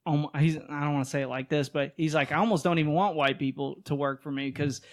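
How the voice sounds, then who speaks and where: A man with a fairly high voice co-hosts a podcast in relaxed conversation. He rambles and swears, and often restarts his sentences as he talks. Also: quick pace. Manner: loose, rambling and profane, with frequent restarts. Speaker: podcast co-host. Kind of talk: casual chat.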